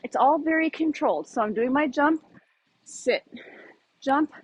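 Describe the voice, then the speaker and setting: A woman's voice: sits high, measured pace, no room sound. A woman fitness instructor in her thirties, demonstrating exercises casually with lots of fillers, slightly out of breath. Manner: casual, explanatory, many fillers.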